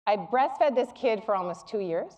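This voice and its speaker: A woman's voice: mid-range voice, moderate pace. A middle-aged woman giving a public lecture to a live audience, candid and humorous as she tells personal stories. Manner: candid, humorous, animated storytelling.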